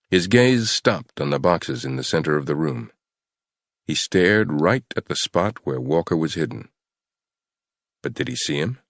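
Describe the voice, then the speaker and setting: A man's voice: extremely low pitch, dry recording, clean studio sound. A man narrating a horror thriller audiobook in a tense, dramatic storytelling manner. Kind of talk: scripted narration.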